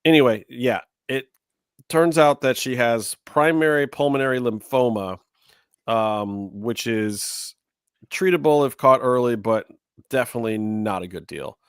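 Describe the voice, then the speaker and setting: A man hosting a casual wrestling podcast, talking loosely and breaking into high, excited exclamations. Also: unhurried, smooth, dry recording, studio quality. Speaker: podcast host.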